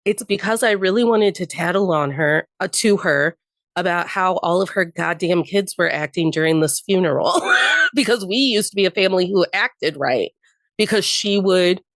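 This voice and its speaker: A woman's voice: on the low side, normal speed, a bit bright, no room sound. A young adult woman on a podcast, telling personal stories candidly with frequent laughter and the odd swear. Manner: candid storytelling, laughs often, swears freely. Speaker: podcast guest. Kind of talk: casual chat.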